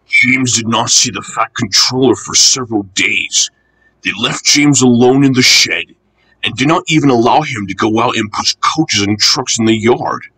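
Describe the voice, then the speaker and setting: A man reading a children's storybook aloud, with expressive, lively narration. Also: mid-range voice, normal speed, breathy edge, low-quality recording.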